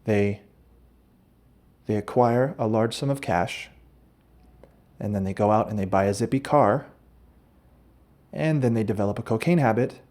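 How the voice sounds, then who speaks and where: A podcast host tells a rambling, absurd comic story, often breaking off to correct himself. His lowish voice is a little mellow, unhurried and full of pauses.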